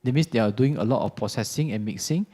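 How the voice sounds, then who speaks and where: A man giving a relaxed, chatty product demo in a workshop classroom, often checking in with "okay?". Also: medium pitch, quick pace, husky. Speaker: audio product trainer. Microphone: ceiling and handheld microphones in a live demo.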